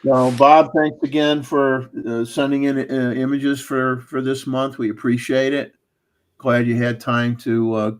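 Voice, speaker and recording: A man hosting a photography livestream, chatting casually and reading out viewer photo details. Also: medium pitch. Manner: relaxed, chatty, reads out camera settings. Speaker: livestream host. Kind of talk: casual chat.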